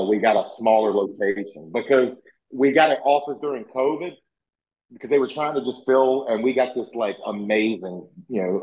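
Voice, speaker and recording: A man's voice: mid-range voice, a little mellow. Man, Virginia accent, casual chat, self-correcting, muffled call sound. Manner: rambling, self-correcting, emphatic. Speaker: guest. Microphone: video call. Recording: dull lo-fi video call audio.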